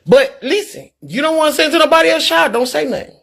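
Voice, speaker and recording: Woman vlogger, very high-pitched, folksy and preachy, casual chat to camera. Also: a little fast, gravelly. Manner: animated, preachy, folksy storytelling.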